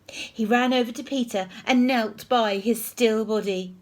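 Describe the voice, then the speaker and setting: A woman reading a picture book aloud to children, expressive and sometimes dropping to a hush. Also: on the high side, unhurried. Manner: expressive, hushed in places.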